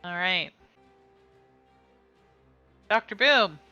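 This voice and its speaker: A woman game master narrates a tabletop game live, calling out rolls and painting each attack. Her voice is bright and up front, and the room is dry. The stream audio sounds dull and lo-fi. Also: fairly low pitch, animated, extremely slow, no echo, faint music behind. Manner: calls rolls and describes attacks, with small laughs. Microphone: streaming mic.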